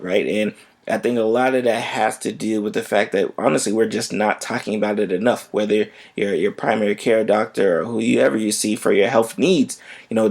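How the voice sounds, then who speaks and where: A man's voice: mid-range voice, gravelly. A man who is a physician, hosting a health podcast in a casual, conversational way and often checking in with "right?".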